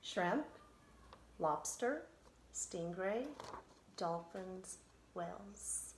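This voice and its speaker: Slow, patient woman teaching phonics. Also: lowish voice, expressive, echoey room, slight background noise. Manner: patient, step-by-step, sounding out letters. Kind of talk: online phonics lesson.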